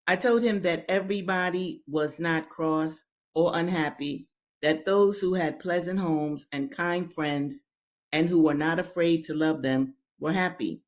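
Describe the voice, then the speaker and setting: A woman reads a slave narrative aloud, breaking off often to explain it, and she speaks straight to her listeners. Her delivery is slow and emphatic. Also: on the low side. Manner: emphatic, talks directly to listeners. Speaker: reader and commentator.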